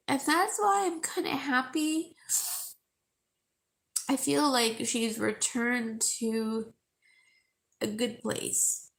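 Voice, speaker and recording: A woman live-streaming to her viewers, crying and talking haltingly with a sore throat, often repeating herself. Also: on the high side, steady tone, creaky, a bit bright. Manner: tearful, halting, repeats words.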